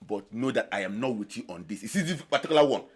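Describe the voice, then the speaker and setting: An actor with a Nigerian accent playing a reproachful friend. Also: male voice, on the low side, animated, fast, noisy background, natural voice. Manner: reproachful, pleading. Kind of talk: film acting.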